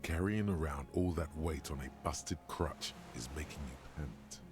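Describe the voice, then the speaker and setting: A man voicing a game's narrator, deep and gravelly, with slow, measured, dramatic delivery. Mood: ominous. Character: gravel-voiced male game narrator, the inner voice. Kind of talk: scripted game narration. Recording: game audio with loud music.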